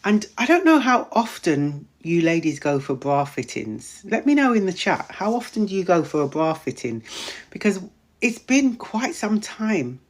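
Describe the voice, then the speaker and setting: A woman host, a menopause wellness practitioner, chatting casually on a live stream, greeting viewers by name, repeating herself, her voice starting to go hoarse. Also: fairly low pitch, very animated, moderate pace. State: voice going hoarse.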